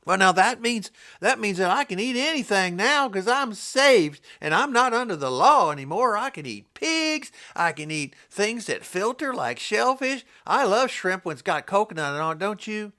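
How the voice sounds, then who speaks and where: A scared, pleading churchgoer with a high, thin whine, put on by a man who is mocking him. The voice climbs up high and stays sharp and bright. It wheedles and frets in a deliberately silly way. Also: very animated, exaggerated voice.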